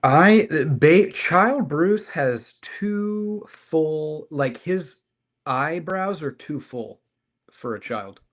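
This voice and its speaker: A man co-hosting a podcast, talking casually and enthusiastically about comics, with deadpan jokes and trailing restarts. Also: fairly high pitch, drawn-out words. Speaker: podcast co-host. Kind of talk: casual comic book chat.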